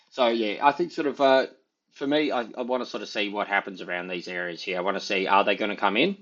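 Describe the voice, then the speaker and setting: A man's voice: fairly low pitch, fairly bright tone, muffled recording. A man giving casual, rambling market commentary, thinking aloud with many fillers as he talks through charts. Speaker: market analyst.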